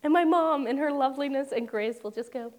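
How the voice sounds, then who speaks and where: Young woman preacher, sermon, conversational and humorous, slightly high voice. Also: fairly quick, darkish tone. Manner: conversational, humorous asides, dramatic quoted voices.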